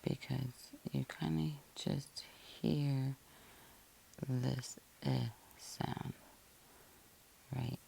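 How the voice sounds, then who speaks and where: A woman's voice: a bass voice, steady tone, very slow, creaky, long pauses, warm tone, a little hiss or hum. A woman teacher giving a patient, methodical phonics lesson, breaking words into syllables and spelling them out letter by letter.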